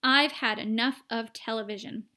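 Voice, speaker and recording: A woman voicing a blustering, exasperated father who shouts, in a storybook read-aloud. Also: fairly high pitch, normal speed. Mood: fed-up. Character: blustering exasperated father, middle-aged man.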